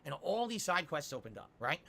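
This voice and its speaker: A man's voice: on the high side, very animated, a little fast, creaky, pushed and bright. A man ranting bluntly and profanely on a stream, dismissive of what he is talking about. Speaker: streamer in a played clip.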